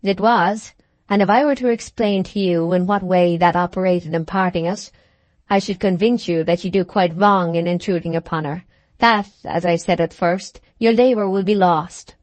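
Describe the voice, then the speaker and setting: A woman voicing a stern, superior older gentleman. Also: high-pitched, no echo, lightly acted. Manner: slow, resolute, supercilious.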